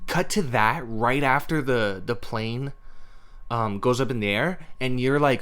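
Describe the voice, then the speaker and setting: Podcast host, male, resonant mid-pitched voice, loose and sweary, lots of "like". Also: measured pace, a bit bright, clear, resonant tone. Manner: rambling and profane, heavy on "like". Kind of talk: casual movie rant.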